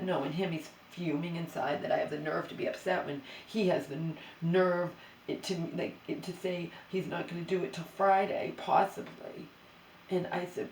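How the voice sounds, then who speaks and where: A woman pours out a rambling, exasperated vent to her camera, stopping and restarting as she goes. Her mid-pitched voice carries a gravelly edge. It bounces around a bare, empty room, and she sits some distance from the mic. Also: steady tone, moderate pace, a little mellow, slight background noise. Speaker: vlogger. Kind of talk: emotional monologue to camera. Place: empty new bedroom, indoors. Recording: roomy echo, voice away from the mic.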